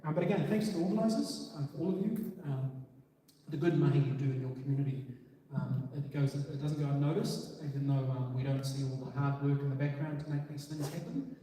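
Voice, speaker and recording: A man's voice: medium pitch, dark tone, a little hiss or hum. A man, a police officer giving an earnest, filler-heavy community talk. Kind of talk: community presentation. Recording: echoey hall from far off.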